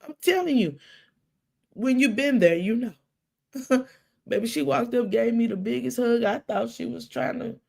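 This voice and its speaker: A middle-aged woman tells a personal story on her live stream. Her voice has a gravelly edge, and she acts out the dialogue, dropping to a hush and then climbing high with feeling. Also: a little slow, pauses often. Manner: animated storytelling with quoted dialogue and dramatic hushes. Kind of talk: casual live-stream talk.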